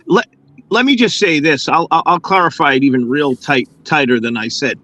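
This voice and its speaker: A man's voice: a little high, moderate pace, pushed and bright. A man co-hosting a casual talk show, arguing earnestly with everyday examples. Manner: earnest, argues with hypothetical examples and acted quotes. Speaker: podcast co-host. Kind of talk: casual chat.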